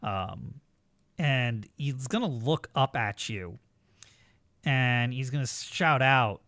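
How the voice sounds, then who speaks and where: A man's voice: medium pitch, expressive, slow, fairly bright tone, dry recording, clean studio sound. A man narrating a tabletop role-playing game as game master, describing the scene casually with many fillers.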